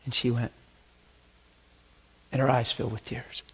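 A man preaching a sermon, telling stories in an animated way that swings from hushed to loud. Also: medium pitch, a little slow, husky. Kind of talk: sermon storytelling.

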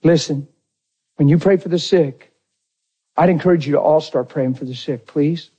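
A man preaching a storytelling sermon, his voice slightly high for a man yet mellow and a little husky. He talks to the congregation in a folksy, conversational way, drawing them straight into the story. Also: moderate pace, dull audio. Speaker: pastor.

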